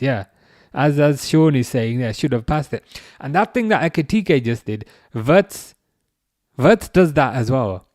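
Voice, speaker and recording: A young man streaming a live football watchalong, chatting casually, reading chat messages aloud and reacting with sudden bursts of excitement. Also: mid-range voice, dry recording, studio quality.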